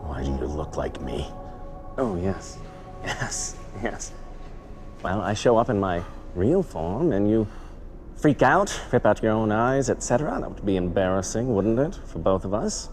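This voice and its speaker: An actor playing a cosmic entity in human form that speaks with smooth, mocking menace. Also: male voice, fairly low pitch, sing-song, measured pace. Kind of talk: TV drama acting. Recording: loud music score behind.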